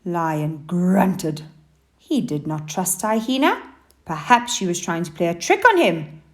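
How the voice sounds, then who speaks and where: Expressive woman reading a storybook. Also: on the low side, takes it slowly. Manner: expressive and animated. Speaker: teacher reading a story aloud. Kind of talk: storybook narration.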